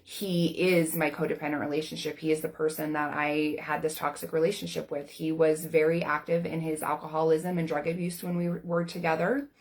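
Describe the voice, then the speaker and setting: A woman's voice: sits low, level tone, brisk, few pauses, a little mellow. A woman in her forties, a life coach, talking candidly to camera in a casual, earnest way with plenty of everyday fillers. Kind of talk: personal talk to camera.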